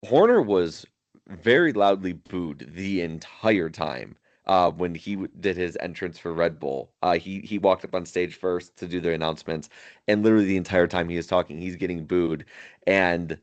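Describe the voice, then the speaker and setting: A man with a very low, deep voice co-hosts a casual podcast. He chuckles often as he recounts funny moments and rambles loosely through his thoughts. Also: moderate pace, dull audio. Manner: laughs often while retelling funny moments; rambling, many fillers and restarts. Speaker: podcast co-host. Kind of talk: casual chat.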